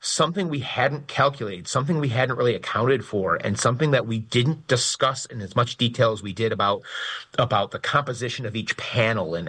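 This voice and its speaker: A man, a graphic novel writer who also teaches, talking as a guest in a casual radio interview, animated and enthusiastic, with frequent restarts and fillers. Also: medium pitch, slightly rough.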